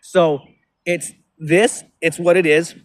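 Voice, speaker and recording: A man's voice: on the high side, flat delivery, takes it slowly. A man rambling profanely into his phone outdoors by a river, with many restarts. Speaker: vlogger.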